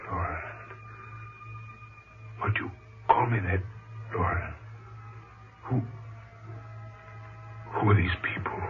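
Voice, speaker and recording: An actor in an old-time radio drama playing a long-dead, old-fashioned male ancestor who speaks slowly, formally and haltingly. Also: low voice, soft background music. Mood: bewildered. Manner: slow, formal, halting speech. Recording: muffled, hissy old radio transcription.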